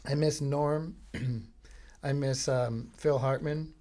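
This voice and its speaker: A man from Florida hosting a podcast, telling meandering comic stories in a deadpan, filler-heavy way. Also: medium pitch, extremely slow. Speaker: podcast host. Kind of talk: rambling comic monologue.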